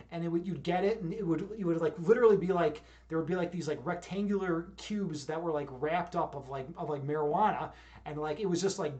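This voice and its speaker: Chicago guy streaming, fairly high voice, rambles and restarts a lot, chicago accent. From Chicago, USA. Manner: rambling, many restarts and fillers. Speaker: livestreamer. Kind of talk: casual stream chat.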